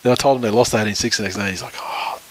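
A man's voice: fairly low pitch, steady tone, racing, rough recording. A man with an Australian accent co-hosting a casual sports chat, rambling and swearing freely with blunt opinions. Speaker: podcast co-host.

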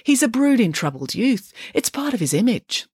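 A woman's voice: a little high, big pitch swings, moderate pace, a little mellow, husky, no echo, clean studio sound, voice pushed up. A woman reading aloud and voicing a breezy, chatty schoolgirl.

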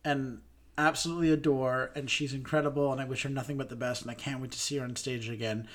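A young man co-hosting a podcast, talking in a loose, chatty way and slipping in puns. He gets animated when he gushes about something he loved. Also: medium pitch, quick pace. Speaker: podcast co-host. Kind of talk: casual chat.

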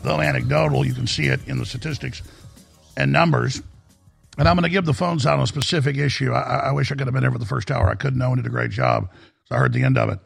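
A man's voice: mid-range voice, steady tone, fast, soft background music. A middle-aged man hosting a talk radio show, telling rambling stories in an emphatic manner. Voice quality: gravelly, raspy.

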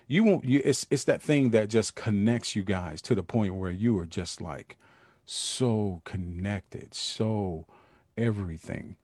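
A man's voice: medium pitch, darkish tone, no echo, clean studio sound. A middle-aged man hosting a livestream, talking casually and earnestly to his viewers in loose street slang with lots of fillers. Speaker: livestream host.

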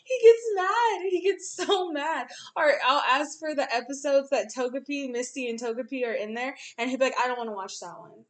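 A young woman in casual chat, animated and profane, often laughing as she talks. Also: sits high, normal speed, few pauses.

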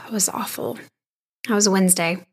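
A woman in her thirties candidly recounting a personal experience in a conversational, frank way, sometimes dropping to a hushed voice. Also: mid-range voice, slightly rough. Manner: frank, conversational, shifting between hushed and animated. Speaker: storyteller sharing a personal experience.

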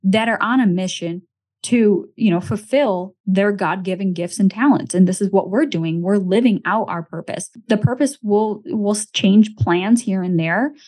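A woman's voice: mid-range voice, moderate pace, darkish tone. A woman hosting a podcast in casual chat, talking in an emphatic, motivational way and often checking in with "right?". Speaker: podcast host.

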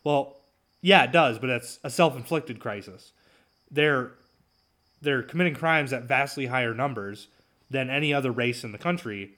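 A man hosting his own talk show, alone at the mic, with a voice of middling pitch. He rants in a sarcastic, mocking way, with plenty of ums and uhs as he goes. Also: normal speed, fairly bright tone. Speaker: podcast host. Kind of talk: solo talk show commentary.

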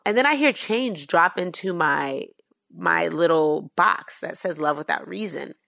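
A woman's voice: lowish voice, lively intonation, measured pace, vocal fry, a bit bright, dry recording. Woman, interview guest, earnest, filler-heavy, dry close sound. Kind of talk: emotional personal storytelling.

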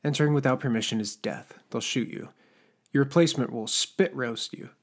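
A man's voice: medium pitch, fairly quick, close to an everyday voice. A man voicing a proud, hot-tempered teenage boy in an audiobook, speaking in a tense, raised, defiant way. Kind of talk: audiobook character voice.

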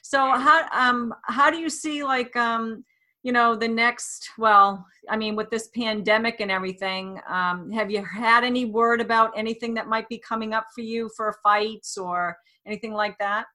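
A woman's voice: a little high, steady tone, moderate pace, pushed and bright. A woman hosting an interview, chatty and reacting eagerly with exclamations while she asks her guest questions. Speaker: show host. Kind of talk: casual interview.

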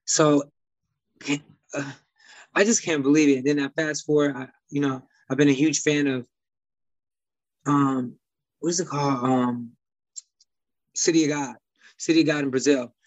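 A man's voice: fairly high pitch, steady tone, normal speed, pauses often, no room sound, highs cut off. A man from Detroit with a slight Midwest twang, a guest talking casually and rambling with many fillers and restarts. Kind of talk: casual conversation.

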